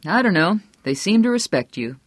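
A man's voice: sits high, sing-song, moderate pace, dry recording, pitched above the performer's own voice. Man reading a hearty, approving local bigwig, slightly raised voice, dry close sound. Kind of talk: audiobook character voice.

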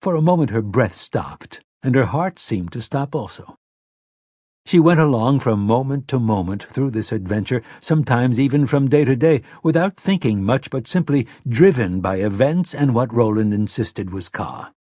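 A male audiobook narrator with a mid-pitched, slightly husky voice. He reads in a measured, expressive way, leaning into the story's moments. The recording is close and dry, with no room sound. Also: dry recording. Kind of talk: scripted narration.

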